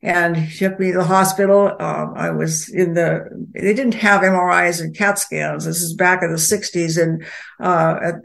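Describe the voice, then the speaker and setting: An older woman telling a personal story as a guest, halting, with many pauses and restarts. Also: lowish voice, fairly even intonation, vocal fry.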